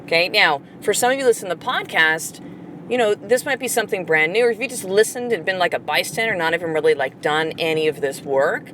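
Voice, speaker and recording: Middle-aged woman host, low-pitched, blunt and profane, coaching her listeners, faint noise behind. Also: lively intonation, fast, fairly bright tone. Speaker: podcast host. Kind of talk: motivational podcast monologue.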